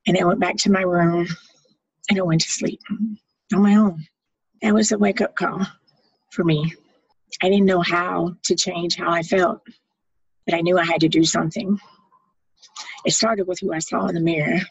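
Middle-aged woman telling her own story plainly; husky, gravelly voice, dry dull lo-fi recording. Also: fairly low pitch, steady tone, normal speed, pauses often, no echo. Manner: candid, plain-spoken. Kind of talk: personal testimony.

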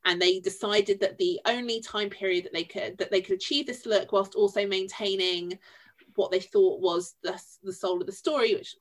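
Animated Yorkshire woman reviewing a film. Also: medium pitch, moderate pace. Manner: animated, expressive, wry asides. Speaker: podcast co-host. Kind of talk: casual film review chat.

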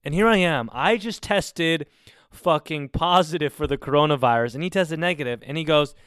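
A man in his twenties telling a story casually, in an animated and exasperated way with plenty of swearing. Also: fairly high pitch, moderate pace, smooth, no echo, studio quality. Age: 20s. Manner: animated, profane, exasperated retelling. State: recovering from covid.

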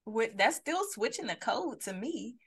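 A woman's voice: on the high side, big pitch swings, unhurried, gravelly, slightly rough. A woman co-hosting a live podcast, talking bluntly and animatedly and putting questions to her listeners over a video call. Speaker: podcast co-host. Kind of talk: casual chat on a live stream.

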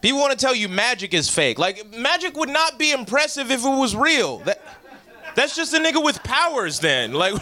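High, bright-voiced male stand-up comic. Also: sing-song, normal speed. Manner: profane, conversational, acts out quoted voices. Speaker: stand-up comedian. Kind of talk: stand-up comedy set.

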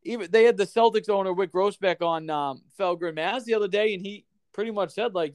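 Excitable, foul-mouthed sports podcast host. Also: male voice, sits high, a little fast, few pauses, clear, resonant tone, no room sound, clean studio sound. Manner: profane, excitable banter. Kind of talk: casual sports chat.

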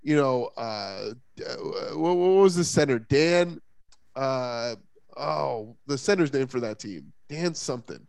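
Gravelly, lively-voiced podcast guy. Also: mid-range voice, slow pace, no echo. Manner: rambling, animated, many fillers and restarts. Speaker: podcast co-host. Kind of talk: casual sports talk.

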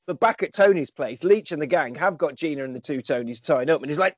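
This man talks fast with few pauses, his voice a little high, as he casually recaps a movie on a podcast. Animated and foul-mouthed, he acts out the lines himself. The recording is muffled and has no room sound.

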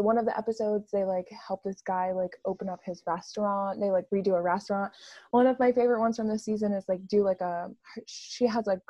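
A woman's voice: mid-range voice, warm tone, dry recording, lo-fi sound. A woman chatting casually and gushing enthusiastically, with lots of "like" fillers. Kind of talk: casual chat.

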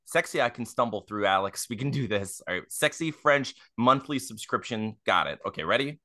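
A man co-hosting a tabletop game podcast, firing off deadpan, dry wisecracks. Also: medium pitch, fairly quick, no room sound. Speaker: podcast co-host and player. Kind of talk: casual podcast banter.

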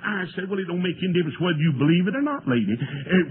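An older man, preaching a folksy storytelling sermon that swells into shouts and tearful cries. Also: sits high, expressive, quick pace, few pauses. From American. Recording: tinny lo-fi old sermon tape with faint hiss.

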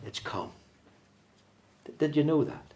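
A man preaching a sermon in a church, swinging from loud fervent calls to low hushed asides. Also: animated, measured pace.

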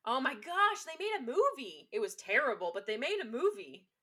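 A young woman in casual conversation, talking with a bright, forward tone. She retells scenes in a lively storytelling manner, slipping into the voices of the people she quotes. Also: sits high, moderate pace. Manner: chatty storytelling, acts out quotes. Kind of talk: casual chat.

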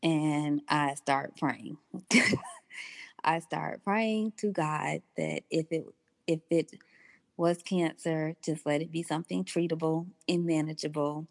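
A woman's voice: sits low, steady tone, vocal fry, darkish tone, no echo. A woman guest in her thirties telling her personal story candidly, acting out the dialogue she recalls. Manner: candid, unhurried, acts out quoted dialogue.

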